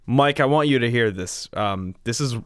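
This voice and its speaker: A man's voice: medium pitch, normal speed, fairly bright tone, clear, resonant tone. A man co-hosting a podcast, teasing and laughing in casual chat. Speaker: podcast co-host.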